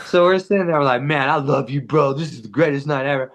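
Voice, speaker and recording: Speaking quickly in a mid-range voice, a man guesting on a podcast tells a wild story. He's animated and profane, dropping "like" into nearly every line.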